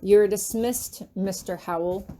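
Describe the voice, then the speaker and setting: Stern, bitter male professor, read by a woman for an audiobook, cold and clipped, warm mellow timbre. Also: mid-range voice, steady tone, takes it slowly, a little hiss or hum, lightly acted. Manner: cold and clipped, erupting into shouts.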